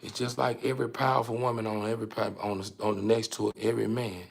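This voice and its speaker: A man runs a livestream and goes on a loose, foul-mouthed rant full of repetition, stumbles, and laughter. His lowish, creaky voice comes out flat and quick.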